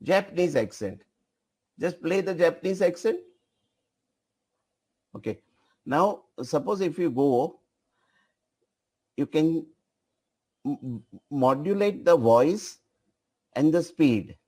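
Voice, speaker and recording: A man leads a software training session, directing an assistant and repeating his phrases as he goes. He speaks slowly with a fairly high but mellow tone. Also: expressive, slightly rough. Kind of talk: live software demonstration.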